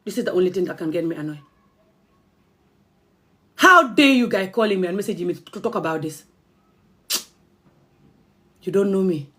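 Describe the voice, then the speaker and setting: A woman's voice: on the low side, lively intonation, moderate pace, pauses often, a bit bright. A young adult woman from the Gambia, ranting angrily on a livestream. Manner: impassioned, angry, confrontational. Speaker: vlogger. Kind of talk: livestream rant.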